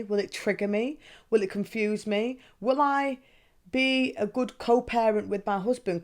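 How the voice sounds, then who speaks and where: A young woman hosting a podcast, talking casually and candidly, swearing freely and asking herself questions out loud. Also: medium pitch. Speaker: podcast host. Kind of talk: casual monologue.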